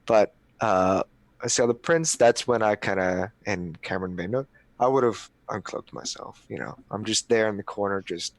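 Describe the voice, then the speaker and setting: A man's voice: lowish voice, moderate pace, dry recording. A man playing in a tabletop game, describing his character's actions hesitantly with many fillers. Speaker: player. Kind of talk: tabletop role-play chat.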